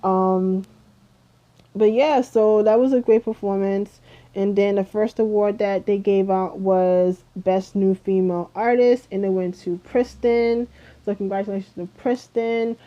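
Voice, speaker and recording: Young woman vlogger, sleepy, rambling and chatty, monotone, lo-fi home recording. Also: medium pitch, measured pace. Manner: chatty, rambling, lots of ums and likes. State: sleepy, yawning. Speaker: K-pop vlogger. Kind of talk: casual review vlog.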